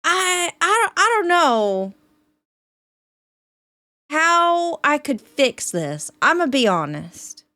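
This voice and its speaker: Bright, lively young woman reacting on stream. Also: high voice, slow pace, long pauses, no echo. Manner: chatty, lots of fillers, laughs at the clip. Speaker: streamer reacting to a reality show. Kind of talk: casual reaction commentary.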